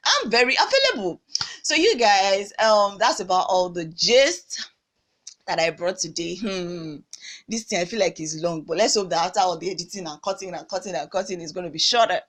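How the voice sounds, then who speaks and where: A woman's voice: lowish voice, moderate pace. A young Nigerian woman with a Nigerian accent, telling a story to camera in a casual vlog, acting out the dialogue with local slang. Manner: animated, acts out dialogue with pidgin slang. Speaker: vlogger.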